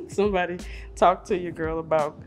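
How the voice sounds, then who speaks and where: A middle-aged woman chatting casually on her vlog, animated and self-mocking, laughing often. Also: on the low side, moderate pace, faint music behind. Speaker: vlogger. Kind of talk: casual chat reviewing old photos.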